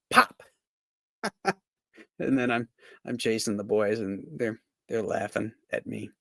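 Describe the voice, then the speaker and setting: A man's voice: lowish voice, expressive, slow pace, gravelly, pauses often, pushed and bright, no echo, studio quality. A man, a cartoonist, chatting casually on a livestream in a rambling, anecdotal way.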